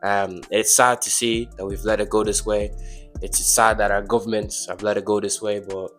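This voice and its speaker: A man's voice: fairly low pitch, flat delivery, normal speed, a bit bright, faint music behind. A young man talking as a guest on a casual podcast, hesitant, stumbling and repeating words.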